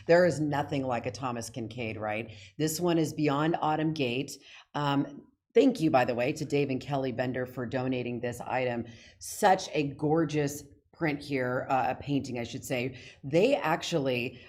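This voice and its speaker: A woman co-hosting a charity auction, presenting items in a chatty, gushing way with some fillers. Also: low-pitched. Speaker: event co-host.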